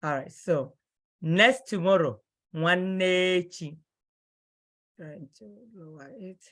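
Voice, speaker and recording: Slow, bright-voiced woman teaching vocabulary. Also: fairly low pitch. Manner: slow, repeats words carefully for students. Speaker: Igbo language teacher. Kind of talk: online language class.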